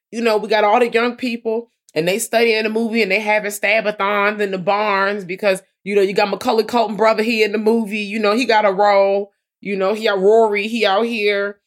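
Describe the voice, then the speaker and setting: A woman co-hosting a casual movie review podcast, talking in an animated, slangy way. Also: mid-range voice. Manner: animated, slangy, laughs while telling. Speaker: podcast co-host.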